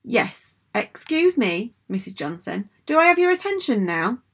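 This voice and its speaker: A woman's voice: mid-range voice, sing-song, normal speed, a bit bright, breathy edge. A woman voicing an impatient, fierce young schoolgirl in a storybook reading, talking bluntly and urgently.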